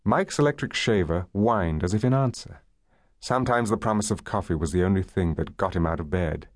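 A man narrating a novel as an audiobook, in a measured and expressive storytelling manner. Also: deep voice, no room sound, clean studio sound. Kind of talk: scripted narration.

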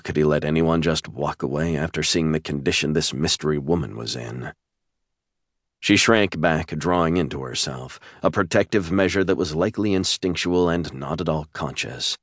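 A male audiobook narrator telling a suspense romance with steady, measured delivery. His voice is extremely deep, and the sound is dry and close with no room echo.

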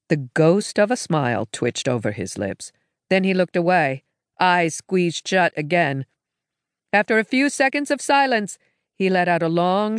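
A woman narrating a science fiction audiobook in a measured, even storytelling manner. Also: fairly low pitch, clean tone, no echo, studio quality.

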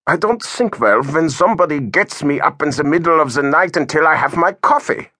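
A man's voice: fairly high pitch, expressive, brisk, pushed and bright, dry recording, studio quality, pitched above the performer's own voice. A man voicing a knowing male intelligence officer with a German accent, who speaks in a precise, lecturing way. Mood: dry.

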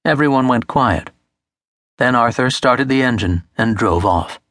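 A man reading a literary novel aloud as an audiobook narrator, in a measured, steady manner on a close studio mic. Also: mid-range voice, no room sound.

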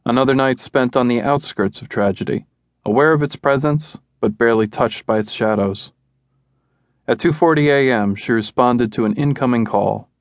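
A man reading a true-crime audiobook in a measured, dramatic way, close to the mic. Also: mid-range voice, no room sound. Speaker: audiobook narrator. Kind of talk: scripted true-crime narration. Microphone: close studio mic.

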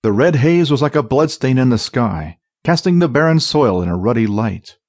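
A man narrating a fantasy audiobook in a dramatic, expressive reading. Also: mid-range voice, moderate pace, no echo, clean studio sound.

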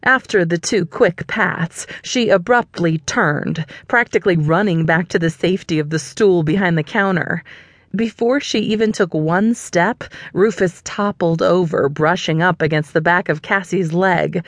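A woman narrating a cozy audiobook in first person, her voice on the lower side and her telling wry and lightly amused. The sound is close and dry, with no room echo at all. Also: unhurried.

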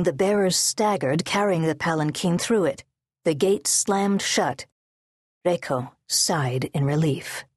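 A woman reading a historical novel aloud in steady, measured scripted narration, close to the mic. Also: fairly low pitch, husky, no echo. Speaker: audiobook narrator. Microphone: close studio mic.

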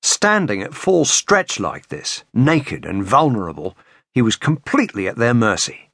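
A man narrating a thriller audiobook in a measured, expressive way. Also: mid-range voice, no echo, studio quality. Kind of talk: scripted narration.

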